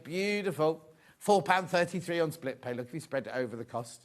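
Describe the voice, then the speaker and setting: Chatty man, higher-pitched voice. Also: animated, fairly quick. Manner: chatty, cheerful, chats with crew off camera. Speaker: shopping channel presenter. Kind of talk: live on-air sales patter. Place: TV studio.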